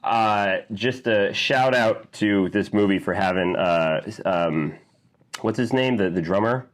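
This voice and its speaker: Low-voiced man chatting about movies. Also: takes it slowly. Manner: relaxed, enthusiastic, searches for words. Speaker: podcast co-host. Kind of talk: casual movie chat.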